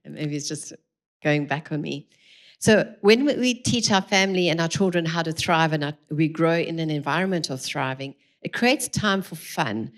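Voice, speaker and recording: A middle-aged woman giving an earnest, encouraging talk to a live audience at a church parenting evening, speaking into a mic through a PA. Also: on the low side. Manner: earnest, encouraging, addresses the room directly. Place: large room with a live audience.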